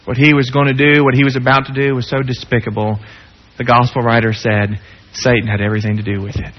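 A man preaching a sermon, dropping to hushed low tones and rising to raised pleading. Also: flat delivery, fast talker. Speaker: pastor. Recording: dull lo-fi sound with long hall reverb.

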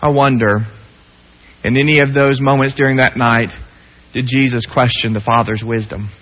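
Male preacher, dramatic swings from hushed to pleading, muffled lo-fi sound. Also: fairly even intonation, moderate pace. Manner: dramatic, swings between hushed low tones and raised pleading. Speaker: pastor. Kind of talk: sermon. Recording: dull lo-fi sound with long hall reverb.

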